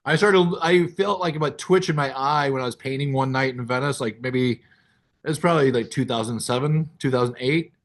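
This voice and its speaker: A man's voice: medium pitch, a little fast. A man hosting a podcast in casual chat, loose and joking, rambling through restarts. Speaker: podcast host. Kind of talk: casual conversation.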